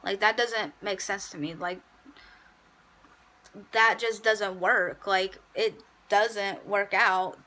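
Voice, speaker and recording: A woman's voice: medium pitch, fairly even intonation, slow pace, sharp tone, low-quality recording. A young adult woman in a casual storytime, telling a petty workplace story in a chatty, sassy way. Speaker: vlogger.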